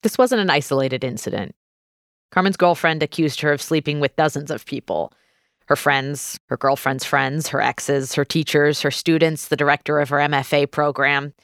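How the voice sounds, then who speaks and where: A woman hosting a podcast, reading scripted narration in a measured, storytelling way. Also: deep voice, steady tone, fairly bright tone, clear, resonant tone, no room sound, studio quality. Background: faint music.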